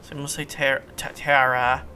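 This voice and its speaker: A man's voice: a little high, a little fast, gravelly, a crowd in the background. A man hosting a casual let's play, reading game text aloud with playful asides and stumbling over words now and then.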